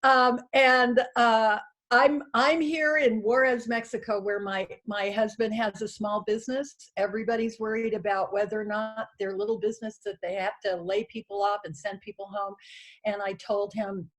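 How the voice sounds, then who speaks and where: A woman in her sixties gives a heartfelt, halting union speech over a video call from her small house, emotional and full of fillers. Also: medium pitch, fairly even intonation, a bit bright. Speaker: union president addressing a convention.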